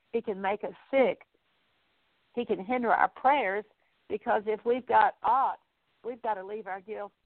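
A woman's voice: medium pitch, dry recording. Woman preaching over a phone-like line. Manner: reads verses aloud and explains them plainly, with small restarts. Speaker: Bible teacher. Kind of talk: scripture teaching sermon.

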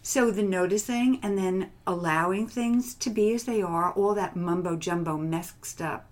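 A woman guest, a transformational coach, telling personal stories in a gentle, reflective way that often drops to a hushed whisper, with light laughter. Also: fairly low pitch, a little slow. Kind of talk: heartfelt personal storytelling interview.

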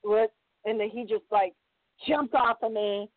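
An actress telling a story in casual podcast chat, acting out the quotes and swearing freely. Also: female voice, medium pitch, a little slow, no echo, phone-quality sound. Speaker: actress guest.

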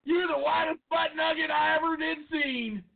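A man voicing a high, gravelly stoner puppet. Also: fairly even intonation, moderate pace, a crowd in the background, full character voice. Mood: teasing. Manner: mocking, ribbing banter. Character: crude stoner puppet, male, teasing. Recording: tinny lo-fi podcast audio.

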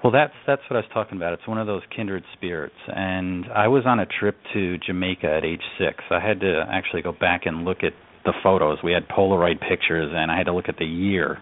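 A man's voice: low-pitched, fairly quick, few pauses. A man from upstate New York, a radio interview guest, telling a story in an earnest, reflective way. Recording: phone-line audio.

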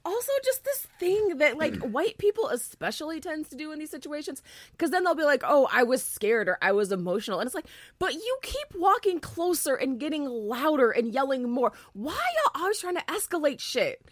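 A woman's voice: sits high, animated, normal speed, no room sound. A woman co-hosting a casual commentary podcast, blunt and profane with dry asides. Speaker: podcast co-host.

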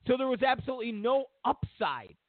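A man's voice: very high voice, sing-song, a little fast, no echo. A man hosting a political commentary show, ranting sarcastically and mocking others in put-on voices. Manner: sarcastic, mocks others in exaggerated voices, repeats himself for emphasis. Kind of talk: opinionated political rant. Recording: dry, phone-like narrow sound.

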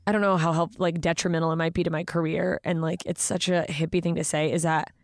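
A woman's voice: low voice, quick pace, no room sound, clean studio sound. A woman comedian talking casually in an interview, telling stories animatedly and acting out what people said. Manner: animated, tells stories with acted-out quotes. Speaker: comedian guest.

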